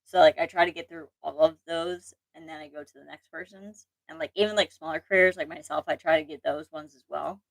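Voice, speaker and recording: A woman's voice: sits low, fairly even intonation, brisk, vocal fry, few pauses, no echo, low-quality recording. A young woman hosting a casual livestream chat, rambling and self-deprecating, with restarts, laughs and an occasional allergy cough. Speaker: channel host.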